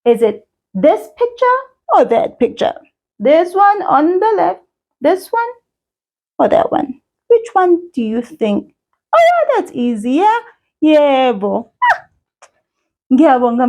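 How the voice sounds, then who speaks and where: A woman's voice: high-pitched, big pitch swings, takes it slowly, pauses often, darkish tone. A woman teaching a children's language lesson, cheerful and sing-song, talking straight to a child viewer. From South Africa.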